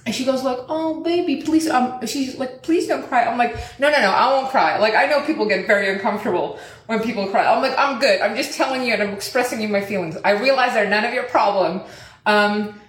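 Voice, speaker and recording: A woman's voice: medium pitch, brisk, roomy sound. A woman telling a story to her followers in casual, profane talk and acting out what other people said. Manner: profane, animated, acts out other people's lines. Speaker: vlogger.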